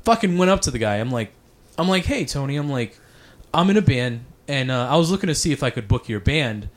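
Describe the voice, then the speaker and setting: Animated, profane rambling storyteller man. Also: mid-range voice, brisk. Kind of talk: casual storytelling chat.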